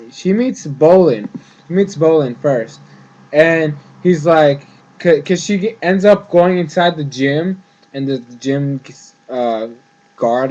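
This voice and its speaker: A man giving a casual, rambling review of a cartoon episode, full of fillers and quick acted-out lines. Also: a little high, dull audio. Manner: rambling, excitable, heavy use of "like" and "freaking"; acts out the characters' lines in quick bursts.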